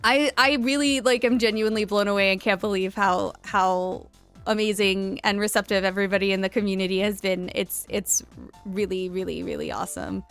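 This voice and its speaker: In casual live-stream chat over gameplay, a young woman giggles, thanks her followers and reads game lines aloud. Her medium-pitched voice is creaky yet clear and resonant, a bit bright, fairly quick and fairly even in intonation, with faint music behind.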